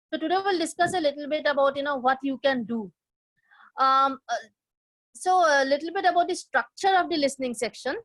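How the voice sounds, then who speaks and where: A woman's voice: sits high, dry recording, rough recording. A woman presenting a live online lesson on test preparation, explaining step by step and asking her audience questions. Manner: explanatory, asks the audience questions, frequent fillers and restarts. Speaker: test prep instructor.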